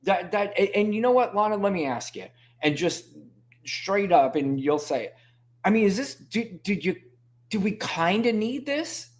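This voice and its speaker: A man's voice: high-pitched, animated, moderate pace. Teasing, profane male host. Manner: teasing, profane, loose and conversational. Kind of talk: casual political chat.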